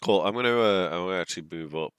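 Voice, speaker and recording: A man's voice: low voice, rapid-fire, clean tone, no echo. A man playing a tabletop game, chatting and checking the rules aloud as he works through his turn. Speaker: player. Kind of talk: casual chat during a tabletop game.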